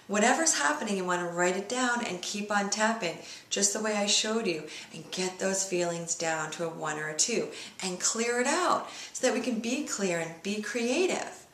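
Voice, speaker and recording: A woman leading a guided tapping lesson, speaking slow repeat-after-me phrases as a coach. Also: mid-range voice, fairly bright tone, roomy sound, slight background noise.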